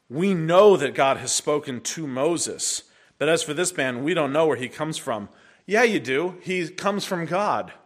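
A man preaching an expository sermon, animated, acting out the voices of the people in the text. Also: a little high. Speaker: pastor.

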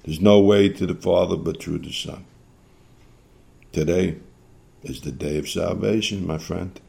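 A man's voice: low-pitched, unhurried, vocal fry, darkish tone. A man preaching a sermon, earnest and exhorting, often repeating phrases for emphasis.

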